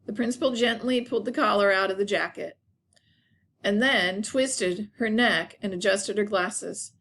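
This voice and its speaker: A woman's voice: mid-range voice, moderate pace, fairly bright tone, slight background noise. A woman teacher narrating a children's chapter book aloud for young students. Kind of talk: children's story read-aloud.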